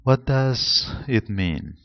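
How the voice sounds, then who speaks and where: Slow, measured Spanish-accented male lecturer. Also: medium pitch, expressive, dry recording. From Spain. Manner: slow, deliberate, explanatory delivery. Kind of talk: seminar lecture on pronunciation. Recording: slightly dull lo-fi sound.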